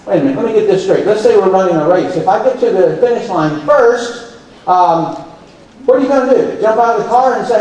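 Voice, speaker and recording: A man's voice: sits high, a little fast. A man giving a live talk at a conference, telling stories and acting out quoted dialogue. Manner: animated storyteller who acts out quoted dialogue. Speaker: conference speaker. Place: large conference hall. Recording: very echoey hall, heard from far off. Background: audience laughter.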